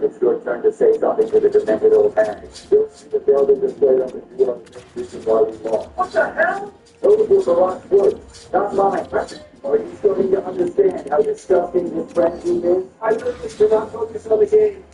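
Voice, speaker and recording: Man swinging between deep and shrill voices. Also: creaky. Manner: switches between a deep bossy voice and high whiny voices. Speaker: gaming video creator. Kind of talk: comedic voiced skit over gameplay. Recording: roomy, distant, dull sound with faint music.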